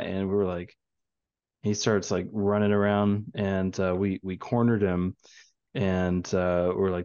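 Low-voiced young dad rambling along. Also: male voice, level tone, unhurried, darkish tone, dry recording, dull audio. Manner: rambling storyteller with many fillers. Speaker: father telling a story. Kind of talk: casual chat.

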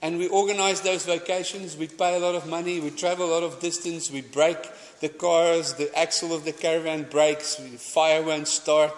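A man's voice: fairly high pitch, fairly even intonation, normal speed, few pauses. A man preaching a sermon, chatty and anecdotal, often restarting his sentences. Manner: conversational, anecdotal, stumbling restarts, mixing in Afrikaans phrases. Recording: long hall reverb.

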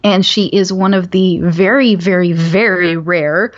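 A woman's voice: on the low side, fairly even intonation, unhurried, dull audio. A woman author being interviewed, explaining her research eagerly and in detail, with frequent ums. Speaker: author guest. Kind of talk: podcast interview.

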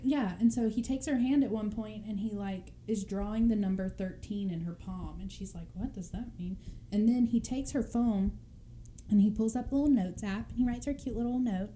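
Chatty young woman, dark voice. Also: medium pitch, normal speed, slight background noise. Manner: chatty, laughs often, acts out quoted voices. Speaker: podcast co-host telling a true crime story. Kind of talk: casual chat storytelling.

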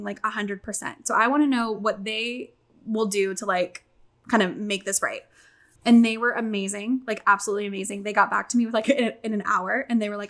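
A young adult woman telling a long story in casual chat, animated and swearing, acting out quotes. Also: medium pitch, fairly quick.

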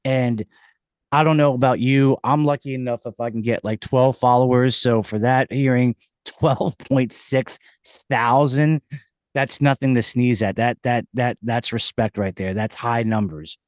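Male podcast host, showman energy, stumbles and restarts, mid-pitched, recorded dry in a studio. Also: fairly even intonation, a little slow, dry recording. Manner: hyped-up showman, stammering restarts. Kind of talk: casual interview.

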